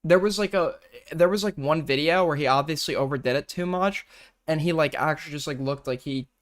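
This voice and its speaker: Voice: medium pitch, a little fast. A co-host on a live stream, chatting casually and teasing viewers while reading out donations. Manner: reads donations aloud, teasing.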